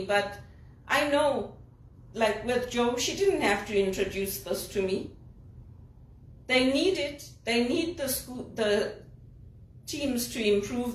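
A woman from Zimbabwe, an executive assistant, giving an indignant, emphatic vlog monologue. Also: a little high. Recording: roomy, distant from the mic.

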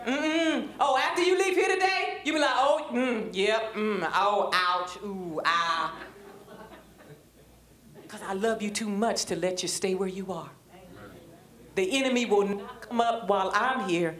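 Her voice is high-pitched and rings around a reverberant church room. This middle-aged woman, with a Black lilt, gives sermon-style Bible teaching, engaging the congregation in call-and-response before climbing into fervent preaching.

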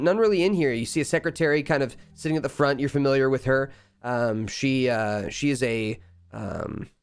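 A man running a tabletop game as game master, describing scenes loosely with fillers. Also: medium pitch. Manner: relaxed, with filler words and laughs.

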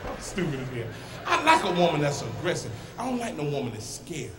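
A male stand-up comedian roasting the crowd on stage, loud and teasing, shouting his punchlines at the audience. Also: on the high side, very animated, a little fast, noisy background. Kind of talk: stand-up routine with crowd work. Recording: live club recording, roomy, loud crowd. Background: loud audience laughter.

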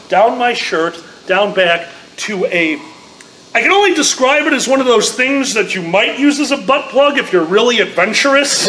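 A man co-hosting a live podcast, telling a story with lively acted-out quotes. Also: high voice, slight background noise, rough recording. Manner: animated storyteller, acts out quotes. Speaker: podcast co-host. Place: large convention room before a live audience.

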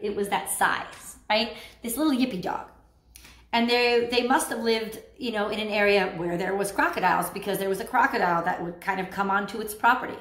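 A woman with a high voice talks through a tarot reading in a loose, chatty way. She is animated and laughs often. The sound has a roomy echo. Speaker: tarot reader. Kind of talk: casual spoken tarot reading.

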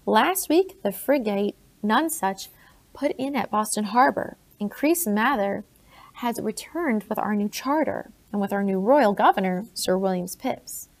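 Woman reading as old colonial gent, blunt and serious, slightly gravelly voice, audiobook style. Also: medium pitch, expressive, measured pace. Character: male colonial gentleman, older, blunt and grave.

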